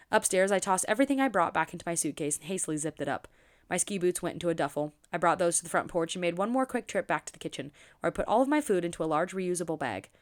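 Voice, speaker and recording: A woman reading a romance novel aloud for her book channel, expressive and dropping in quick asides of her own. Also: on the low side.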